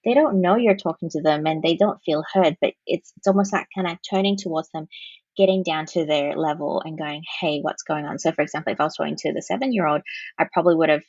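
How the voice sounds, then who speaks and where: A woman guest on a podcast, a counsellor giving practical explanations with sample phrases. Her voice sits low and a little husky. The recording is dry and slightly dull. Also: fast talker, a little mellow, dry recording. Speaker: parent-child counsellor, guest. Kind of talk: podcast interview answers.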